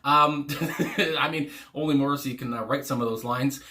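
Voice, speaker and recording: A man's voice: medium pitch, steady tone, moderate pace, bright, forceful tone, a little hiss or hum. A man hosting a music reaction video, talking in a casual, rambling way with many fillers, restarts and chuckling asides. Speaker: music reaction channel host.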